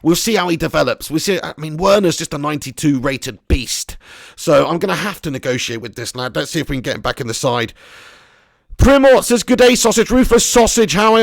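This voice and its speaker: A man with a slightly high voice runs casual live commentary over a football management game. He rambles, thinks aloud and laughs as he reads viewers' messages. The sound is close and dry, recorded at home. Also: creaky, no echo. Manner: chatty, rambling, laughs while reading chat. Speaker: gaming streamer.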